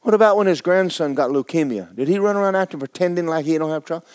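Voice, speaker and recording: A pastor preaching a folksy, playful sermon to his congregation, now and then breaking into shouted praise. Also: a little high, fast talker, no echo, studio quality. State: injured foot, sitting while preaching.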